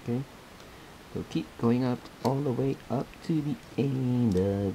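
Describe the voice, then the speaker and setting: A man's voice: medium pitch, unhurried, vocal fry, warm tone, a little hiss or hum, poor audio. A man hosting a casual step-by-step craft tutorial, chatty and laughing often as he repeats his instructions.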